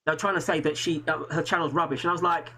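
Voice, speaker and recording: A man's voice: fairly high pitch, fairly even intonation, fast talker, bright, forceful tone, rough recording. An English man hosting a live stream, talking earnestly in a rambling way with many restarts. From England. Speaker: host. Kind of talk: casual live-stream chat.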